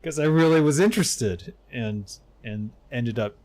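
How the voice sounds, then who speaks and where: His mid-range voice is unhurried with a darkish tone. The speaker, a middle-aged game streamer and voice-over narrator, mutters as he plays live, then chats casually and openly with his viewers.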